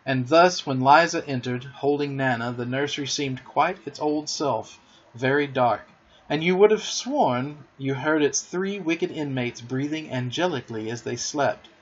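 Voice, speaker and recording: A man narrating a storybook in an expressive, theatrical way in a dull lo-fi recording. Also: mid-range voice, unhurried, husky.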